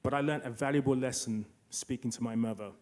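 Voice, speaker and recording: A man's voice: medium pitch, steady tone, fast talker, a little mellow. A man speaking as a panelist and telling a personal story. He acts out quoted dialogue and restarts his sentences often.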